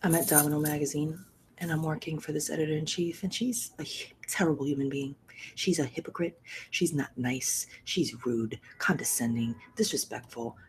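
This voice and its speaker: A middle-aged woman hosting a podcast, telling a personal story candidly and emotionally, often sinking to a soft, breathy near-whisper. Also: deep voice, moderate pace, a little hiss or hum, low-quality recording. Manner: repeats phrases for emphasis, swears freely. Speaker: podcast host.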